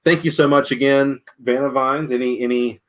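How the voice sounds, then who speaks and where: A man's voice: medium pitch, steady tone, moderate pace. A man co-hosting a casual wine shop livestream, chatty and upbeat, often repeating his words.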